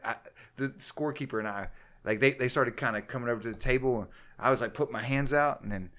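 A man who coaches grappling, chatting casually and telling profane, animated stories. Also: medium pitch, quick pace, low-quality recording. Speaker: jiu-jitsu coach. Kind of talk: casual podcast chat.

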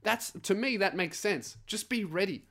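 A man tells a story in a fired-up, profane rant. His voice sits fairly high for a man. He talks bluntly and plays out the other people's voices as he goes. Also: animated, normal speed, fairly bright tone. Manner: swearing, blunt and heated, acts out other voices. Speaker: podcast host. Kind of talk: ranting storytelling monologue.

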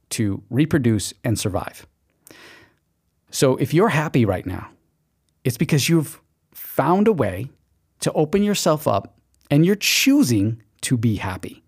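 A podcast host speaks in a slightly mellow, medium-pitched voice. His motivational monologue is an emphatic pep talk, complete with repeated okays and acted-out inner voices.

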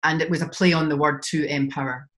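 A woman in her fifties with a Glasgow accent talks about her coaching work. Her voice sits a touch low. She is chatty, peppering her answers with ums and easy laughter. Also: steady tone, quick pace, fairly bright tone. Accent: Scottish, Glaswegian. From Scotland. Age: 50s. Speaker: guest, business coach. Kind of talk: podcast interview.

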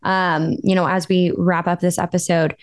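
A woman's voice: fairly low pitch, level tone, normal speed, dry recording, clean studio sound. A woman co-hosting a podcast, chatting casually in a blunt, teasing way and swearing freely. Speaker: podcast co-host. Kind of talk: casual chat.

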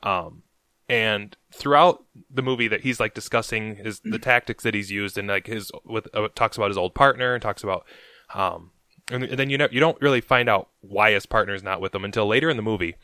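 A man co-hosting a casual movie podcast, talking in a relaxed way with frequent ums. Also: fairly low pitch, a little fast, no echo. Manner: relaxed, hesitant with many ums. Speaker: podcast co-host. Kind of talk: casual chat.

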